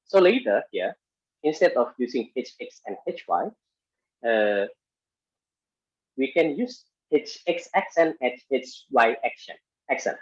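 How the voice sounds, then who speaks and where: A man lecturing on engineering statics in halting speech full of fillers and restarts, working through a problem step by step. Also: medium pitch, big pitch swings, breathy edge, dry recording. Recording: muffled lo-fi audio.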